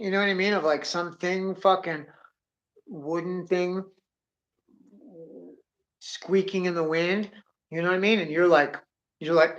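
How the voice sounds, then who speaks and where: A man with a high-pitched voice tells a rambling comic story, a little slowly and with long pauses, cursing constantly and drawling "dude" onto his lines. Excitable and profane, he acts out sound effects and voices. The highs are cut off in the recording.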